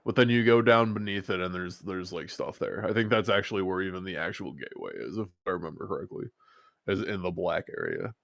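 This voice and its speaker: A man's voice: low-pitched, lively intonation, brisk, vocal fry, a bit bright, no echo, clean studio sound. A man chatting casually as a player in an online tabletop game, hesitant and full of fillers. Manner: hesitant, many fillers and restarts.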